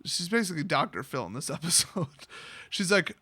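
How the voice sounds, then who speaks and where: A man's voice: a little high, sing-song, a little fast, bright, forceful tone, husky, dry recording. Sarcastic young man recapping a story. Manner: sarcastic, mocking, casual slang. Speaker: YouTube host.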